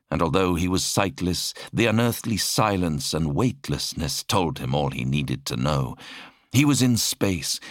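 A man narrating an audiobook in a dramatic, measured reading style. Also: sits low, dry recording, studio quality. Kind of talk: scripted narration.

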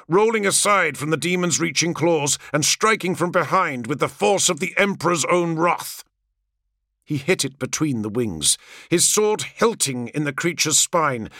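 A man reading scripted audiobook narration in a measured, dramatic storytelling manner. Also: a little high, sharp tone, no room sound, studio quality.

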